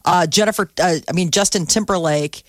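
Brief: woman co-host, gossip segment, loose filler-heavy read, slightly low voice. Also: a little fast, no room sound, clean studio sound. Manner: loose delivery full of ums and uhs. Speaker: radio co-host reading entertainment news. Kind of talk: casual celebrity news segment.

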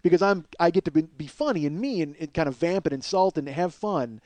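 Fast-talking animated male storyteller. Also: on the high side. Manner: profane, energetic storyteller. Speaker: podcast host.

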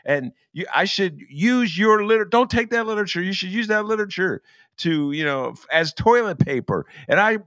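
A man's voice: on the high side, steady tone, moderate pace, vocal fry, hardly any pauses, a bit bright, clear, resonant tone, no echo, clean studio sound, voice pushed up. A man voicing an angry rally-goer who curses out people across the street. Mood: furious. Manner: furious, threatening, cursing. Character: angry man in red yelling at rally hecklers.

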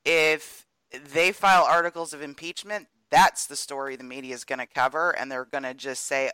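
A man's voice: on the high side, fairly even intonation, normal speed, pushed and bright, smooth, dry recording, low-quality recording. A man co-hosting a podcast, giving emphatic, opinionated political commentary. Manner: opinionated, emphatic, builds arguments. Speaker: podcast co-host.

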